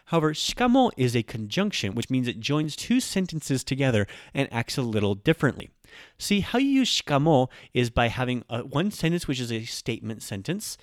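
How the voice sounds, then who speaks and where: A man's voice: mid-range voice, dry recording, clean studio sound. A man hosting a podcast lesson, explaining grammar in a friendly, casual way with occasional ums and self-corrections. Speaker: Japanese language teacher and podcast host.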